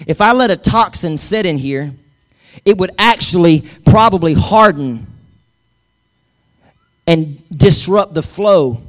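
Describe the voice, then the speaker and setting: A middle-aged man preaching with a notably high voice. He drives his points hard and keeps calling on the congregation to say the words back to him. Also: fairly bright tone. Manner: emphatic, calls for congregation responses. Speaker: pastor. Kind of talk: sermon.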